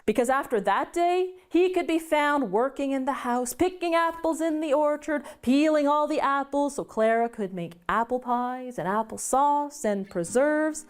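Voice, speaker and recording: A woman telling a story live to children in an animated, dramatic way. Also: high voice, moderate pace, few pauses.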